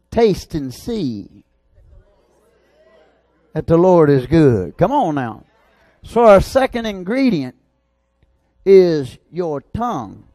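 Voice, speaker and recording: A male pastor preaching a sermon, swinging from loud, excited shouts to low, intense asides. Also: no echo, clean studio sound.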